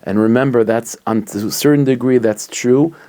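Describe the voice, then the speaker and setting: A man, a rabbi, telling a story in an animated, conversational way with frequent restarts. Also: medium pitch, moderate pace.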